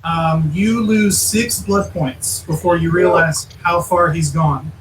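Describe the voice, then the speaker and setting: Halting high-voiced male game master, recorded far off in an echoey room. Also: steady tone. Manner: halting, restarts phrases while narrating. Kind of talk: narrating a tabletop game. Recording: echoey room, mic far off, faint noise.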